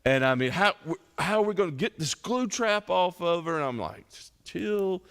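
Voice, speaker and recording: A man's voice: a little high, lively intonation, normal speed, a bit bright, clear, resonant tone. A middle-aged man, a pastor leading a Bible study, preaching in a conversational way and telling folksy stories as illustrations. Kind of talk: conversational sermon. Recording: long hall reverb.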